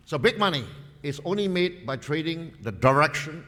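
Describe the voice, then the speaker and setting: A man's voice: on the high side, lively intonation, moderate pace, fairly bright tone. A man gives a seminar talk, stressing his points by repeating key phrases. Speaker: seminar speaker. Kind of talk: market presentation with anecdotes. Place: seminar hall. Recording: long reverb in a seminar hall.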